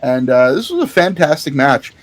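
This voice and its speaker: Animated storytelling podcast co-host man. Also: on the high side, moderate pace. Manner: animated storyteller, swears freely, laughs often. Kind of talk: casual chat, recounting a show.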